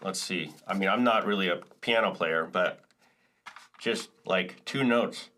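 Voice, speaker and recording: A man with a low, sharp-toned voice gives a relaxed music lesson on percussion and chords, speaking a little slowly. He explains step by step in a casual way, correcting himself as he goes.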